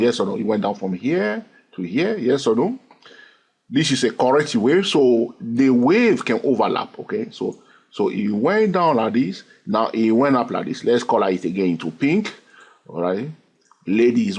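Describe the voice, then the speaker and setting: Male trading instructor, husky voice, bouncy pitch, walks through a chart and keeps asking "okay?". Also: darkish tone. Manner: checks in constantly with "okay?" and "yes or no?"; repetitive, counting waves aloud. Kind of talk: chart walkthrough lesson.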